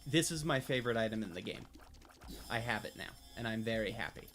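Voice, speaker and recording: A young man streaming a video game live, thinking out loud, getting excited and swearing freely as he plays. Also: lowish voice, fairly quick. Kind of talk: live gameplay commentary. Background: game music.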